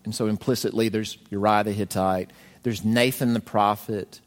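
A man's voice: lowish voice, normal speed, in a large hall. A man preaching a conversational sermon, telling stories expressively and acting out the lines he quotes. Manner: expressive storyteller, voices quotations dramatically. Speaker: pastor.

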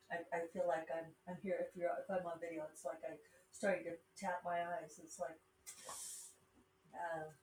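The speaker is a middle-aged woman with a low voice and a Rocky Mountain accent who hosts a podcast and self-publishes books. Her talk is casual, chatty, and digressive, with wry asides, captured from a distance in a roomy space with faint ambience and a little hiss or hum.

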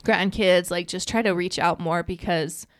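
A woman's voice: on the low side, moderate pace, dry recording, studio quality. A middle-aged woman co-hosting a podcast, telling personal stories in a casual, emotional, rambling way. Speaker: podcast co-host. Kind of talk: casual chat.

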